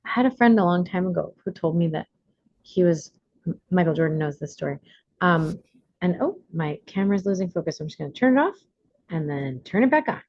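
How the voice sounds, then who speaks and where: A woman's voice: fairly low pitch, fairly quick, dry recording, muffled recording. A woman hosting an online workshop in casual talk, acting out the lines she quotes. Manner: animated, acts out quoted lines in bright voices. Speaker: workshop host and coach.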